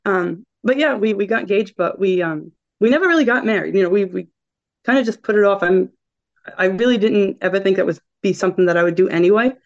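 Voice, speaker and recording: A woman's voice: mid-range voice, fast talker. A woman guest with a regional American accent telling a story in casual chat, laughing and acting out quotes. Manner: chatty, laughing, quotes people in lively voices. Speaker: podcast guest. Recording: dull lo-fi sound.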